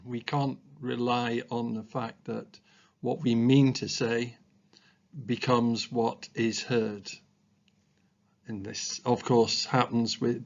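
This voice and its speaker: A man talks through a training presentation in a measured, thoughtful way, often filling pauses with ums and uhs. His voice sits at an ordinary middle pitch, and the recording sounds a little dull and lo-fi. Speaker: special school staff trainer. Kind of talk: explanatory training talk.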